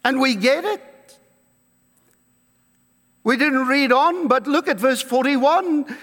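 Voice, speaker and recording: A man with a very high, bright voice preaches an emphatic sermon. He takes his time, drawing out the words he wants to land. The church around him rings with a long reverb. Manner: emphatic preaching with slow, drawn-out stresses and quoted scripture. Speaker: pastor.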